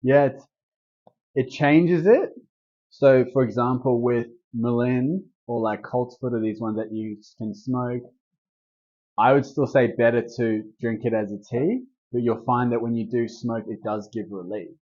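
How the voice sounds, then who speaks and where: A man's voice: medium pitch, steady tone, unhurried, darkish tone, muffled recording. A man leading a casual herbalist workshop, talking in a laid-back, rambling way with lots of fillers. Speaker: herbalist leading a group talk.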